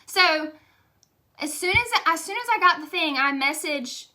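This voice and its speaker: Young woman talking to camera, high voice, super candid and chatty, gets emotional. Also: animated, measured pace, sharp tone. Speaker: direct sales leader. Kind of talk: motivational testimonial.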